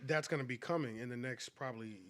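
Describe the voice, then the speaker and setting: A man's voice: medium pitch, fast. A man co-hosting a podcast, chatting casually and acting out stories with laughs. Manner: animated storyteller, acts out scenes with laughs. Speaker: podcast co-host. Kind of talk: casual chat.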